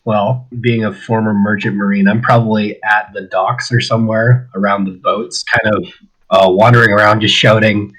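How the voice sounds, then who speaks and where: A man with a lowish voice talks casually through his turn at a tabletop game, joking and unhurried. He sounds laid-back throughout. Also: level tone, a bit bright, rough recording. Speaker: player.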